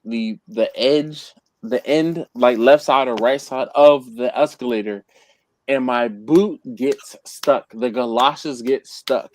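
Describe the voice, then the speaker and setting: A man's voice: mid-range voice, no room sound. A man hosting a live chat, telling a childhood story in a rambling way with frequent laughs. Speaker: host. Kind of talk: casual live-stream chat.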